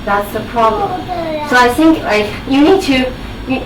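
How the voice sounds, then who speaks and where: A woman's voice: high-pitched, animated, moderate pace. A woman in the audience making a point, earnest and thinking aloud. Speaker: audience member asking a question. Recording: far, echoey, noisy.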